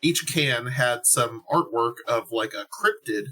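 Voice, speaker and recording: A man co-hosting a podcast, chatting in a relaxed, rambling way. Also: mid-range voice, low-quality recording. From US, raised by Northerners and Kentuckians. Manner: relaxed, rambling, quick laughs. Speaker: podcast co-host. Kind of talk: casual podcast chat.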